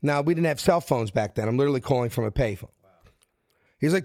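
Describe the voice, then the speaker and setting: Man, Philadelphia accent, middle-aged, raised pitch, lively storyteller, dry close sound. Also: dry recording. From South Philadelphia. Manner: acts out quotes with shifting pitch, lively and fast. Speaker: guest telling his life story. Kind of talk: animated storytelling.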